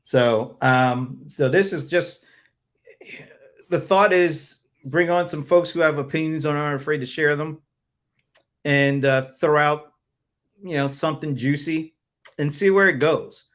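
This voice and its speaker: A man's voice: on the high side, a little slow, long pauses, fairly bright tone. A man hosting a casual livestream chat over a video call, rambling with many fillers and chuckles. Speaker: host.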